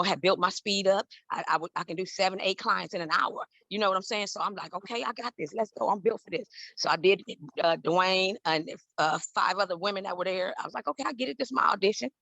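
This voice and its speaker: A woman in her fifties from Southern California, telling stories in an interview and acting out every voice with big jumps in pitch. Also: a bit bright, no room sound. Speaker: guest, celebrity hair stylist. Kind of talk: animated storytelling in an interview.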